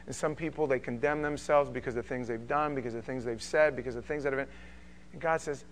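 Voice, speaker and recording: Animated man preaching a sermon. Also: medium pitch, fast, slight background noise. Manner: animated, acts out quotes with sudden loud bursts. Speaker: pastor.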